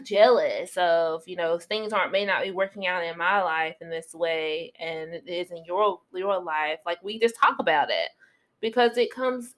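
A woman co-hosting a podcast in candid casual chat, often laughing and acting out quoted lines. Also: mid-range voice. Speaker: podcast co-host.

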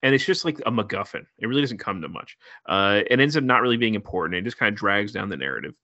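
A man's voice: fairly low pitch, expressive, quick pace, pushed and bright, dry recording, lo-fi sound. A man co-hosting a podcast, chatting casually and wryly about a horror movie with lots of fillers. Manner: laid-back, filler-heavy, wry. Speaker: podcast co-host. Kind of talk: casual movie review chat.

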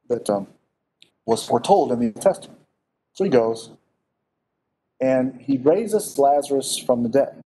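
A man delivers a sermon with a mellow, warm voice. He preaches in an animated, conversational way and keeps throwing questions at the listeners. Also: mid-range voice, moderate pace, pauses often, a little hiss or hum.

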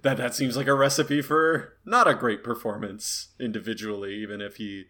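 A man's voice: medium pitch, steady tone, normal speed, a crowd in the background. A young man co-hosting a podcast in casual chat, arguing his point and explaining at length. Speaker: podcast co-host.

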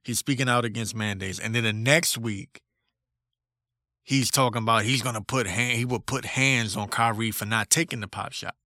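A man's voice: medium pitch, normal speed, pushed and bright, dry recording, clean studio sound. A man hosting a solo podcast, ranting in a blunt, profane, combative way. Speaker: podcast host.

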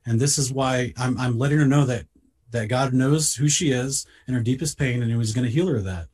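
Husky man telling a story earnestly. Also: mid-range voice, a little mellow. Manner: earnest, halting, repeats words when starting sentences. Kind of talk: casual podcast storytelling.

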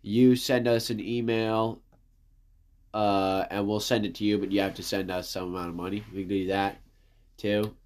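A man's voice: on the low side, level tone, moderate pace, a little mellow. Playful young male podcast co-host. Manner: joking, playful, trails off mid-thought. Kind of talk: casual chat.

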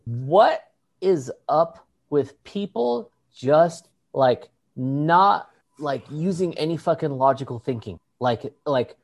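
A podcast co-host spinning a story in loose, casual chat, swearing freely and breaking into laughter. The pitch leaps around as they mimic other people's voices in quick bursts. The delivery stays lively from line to line. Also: soft background music.

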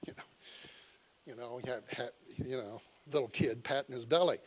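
A man preaching a sermon, folksy and chuckling, moving from quiet asides to loud, emphatic cries as he tells the story. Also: mid-range voice, slight background noise. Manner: folksy, chuckling, with halting fillers. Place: visiting church.

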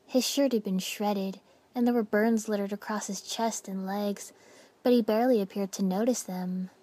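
Woman reading a story dramatically. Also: medium pitch. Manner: dramatic, with hushed whispered passages. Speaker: audiobook narrator. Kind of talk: expressive first-person story reading.

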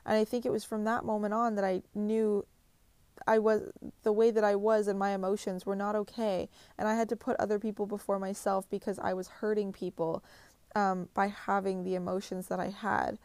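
A woman's voice: medium pitch, little pitch movement, normal speed, a little mellow, no echo. A woman in her twenties talking bluntly and passionately in a confessional vlog, swearing heavily and speaking with emphasis. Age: 20s. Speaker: vlogger.

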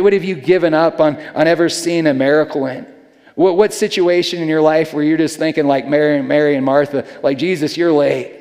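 A man's voice: fairly high pitch, a little mellow. A man preaching a sermon as a pastor, talking in a casual, earnest way and often repeating words as he goes. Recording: long hall reverb.

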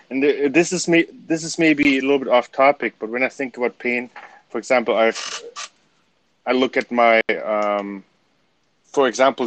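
A man with a German accent co-hosting a podcast, reflective and halting, sometimes searching for the right word. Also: medium pitch, fairly bright tone, a little hiss or hum, rough recording. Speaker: podcast co-host. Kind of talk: casual chat.

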